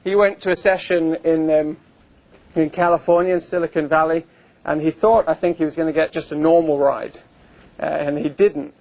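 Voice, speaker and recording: A man's voice: on the high side, steady tone, moderate pace, a little mellow. Man giving a wry, chatty conference talk. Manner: conversational and wry, with frequent fillers. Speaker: invited speaker. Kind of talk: conference presentation to a live audience. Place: conference room with an audience.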